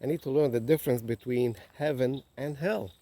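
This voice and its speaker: Guy retelling a cocky young samurai, mellow low-key voice. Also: a little fast, close to an everyday voice. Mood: boastful. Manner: boastful, then begging. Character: brash young male samurai, proud then pleading.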